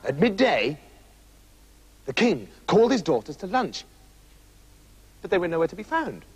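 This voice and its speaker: Husky, animated storyteller man. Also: sits high, moderate pace, soft background music, rough recording. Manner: playful, animated, asides. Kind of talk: comic fairy-tale narration.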